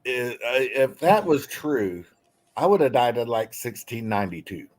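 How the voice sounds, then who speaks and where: A man in casual chat, defiant and quick to swear. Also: medium pitch, big pitch swings.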